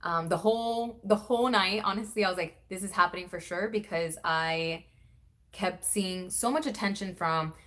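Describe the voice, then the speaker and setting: A young woman vlogger chatting casually, acting out quoted lines with big jumps in pitch. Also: normal speed, fairly bright tone. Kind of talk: casual storytelling chat.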